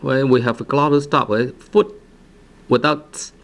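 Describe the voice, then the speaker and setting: A man gives a patient language lesson at a middling pitch. He talks haltingly, with plenty of fillers. He repeats each word several times for the learner. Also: fairly even intonation, fairly bright tone. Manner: hesitant, many fillers and repeated drilled words. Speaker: language teacher.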